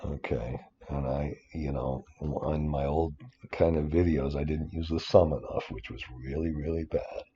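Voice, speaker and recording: A man teaching a spreadsheet finance model in a screen-recorded tutorial, rambling with many restarts and breaking into excited rants. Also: extremely low pitch, unhurried, muffled recording. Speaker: finance instructor.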